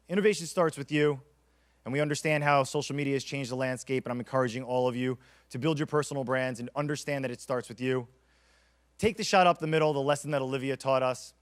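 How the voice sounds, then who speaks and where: A man giving a conference keynote, energetic and storytelling, acting out quotes as he goes. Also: mid-range voice. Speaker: keynote speaker.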